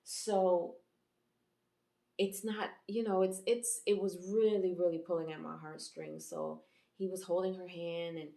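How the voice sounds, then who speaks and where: A woman with a lowish voice talks casually through a TV episode review, rambling along with plenty of fillers and self-corrections. Her voice rings in an echoey room. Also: fairly even intonation, unhurried, creaky, mellow. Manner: chatty and rambling, many fillers and restarts. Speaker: YouTube reviewer and channel host.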